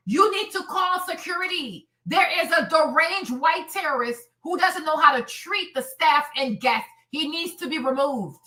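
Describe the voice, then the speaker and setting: A woman's voice: very high-pitched, moderate pace, few pauses, bright, forceful tone, echoey room. A woman hosting a live stream, ranting in a heated, profane, repetitive way. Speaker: streamer host.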